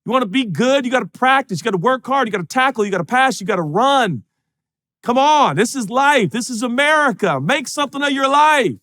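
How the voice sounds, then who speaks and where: A man's voice: extremely high pitch, expressive, a little fast, pitched above the performer's own voice. A man putting on a pushy male football coach who barks short commands. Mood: hyped. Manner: shouting, clipped commands.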